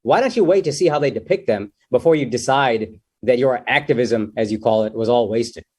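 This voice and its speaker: A man's voice: medium pitch, brisk, darkish tone, slightly rough. A young man, a comedian guest in a casual interview, talking loosely and jokingly, with lots of "dude" and "like".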